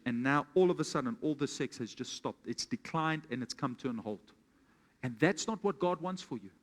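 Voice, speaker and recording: A man's voice: fairly high pitch, a bit bright. A man preaching a sermon as pastor, calling out questions to his congregation and telling an everyday story as an example. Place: church hall with congregation. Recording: long reverb of a church hall.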